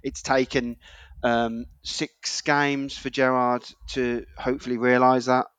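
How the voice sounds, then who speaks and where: A man giving his view on a football podcast, halting and restarting as he works out his point. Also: medium pitch, level tone, fairly bright tone, smooth, dry recording. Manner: halting, repeats "I think" while working out his point. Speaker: podcast guest. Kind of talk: casual chat.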